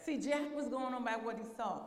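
A woman preaching a sermon, telling a story and acting out its voices, rising at times to a shout. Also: a little high, fairly quick. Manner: acts out voices, voice swells to shouting. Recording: echoey hall.

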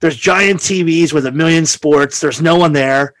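A man tells a rowdy story in a relaxed podcast chat, swearing freely and slipping into the voices of the people he quotes. His voice sits a little high and sounds close and dry on the mic, with almost no room around it. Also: normal speed, no echo. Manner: animated, profane, acts out quoted voices.

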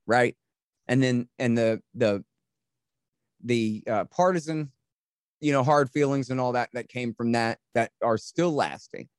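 A man rants in impassioned, sarcastic commentary, slipping into mocking voices. His voice sits a little high for a man. The recording is dry and close, with no room sound. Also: no echo. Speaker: podcast guest. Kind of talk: heated political commentary.

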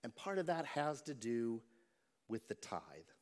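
A man's voice: mid-range voice, very animated, unhurried. Man preaching a sermon. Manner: storytelling preacher, acts out quoted voices. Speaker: pastor.

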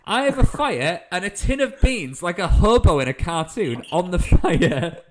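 Animated British man telling a story. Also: high-pitched, unhurried, noisy background. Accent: British English. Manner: animated anecdote-telling with laughs. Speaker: comedian guest. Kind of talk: casual storytelling chat.

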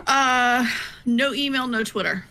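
A woman's voice: on the high side, a little slow, pushed and bright, low-quality recording. A woman co-hosting a casual gaming podcast, joking around with playful asides. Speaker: podcast co-host. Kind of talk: casual chat.

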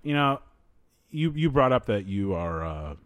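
A man's voice: lowish voice, sing-song, measured pace, no room sound. An American man co-hosting a podcast in casual chat, joking and profane, laughing often. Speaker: podcast co-host.

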